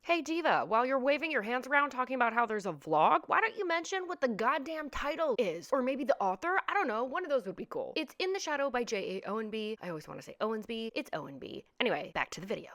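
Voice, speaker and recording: A woman doing her own snarky hushed aside. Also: a little high, big pitch swings, fast, hardly any pauses. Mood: sarcastic. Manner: sarcastic, teasing, hushed. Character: snarky sarcastic woman scolding herself from the edit.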